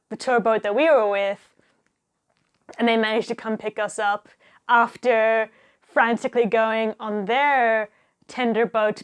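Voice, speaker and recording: A young woman tells a diving story in a bright, lively voice, pitched a little high. She talks casually and animatedly, laughs often and acts out what people said. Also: smooth. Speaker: diver telling stories.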